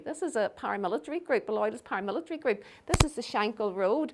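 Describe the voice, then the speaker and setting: A woman's voice: a little high, lively intonation, fast. A middle-aged woman with a Belfast accent, giving a lecture with slides and telling stories that act out the people she quotes. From Northern Ireland. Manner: storytelling, acts out quoted people.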